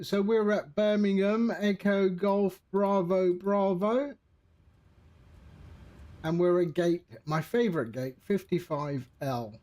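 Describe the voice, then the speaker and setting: High-voiced, unhurried man streaming. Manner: relaxed, rambling, chatting to viewers. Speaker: flight sim streamer. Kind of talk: casual live-stream commentary.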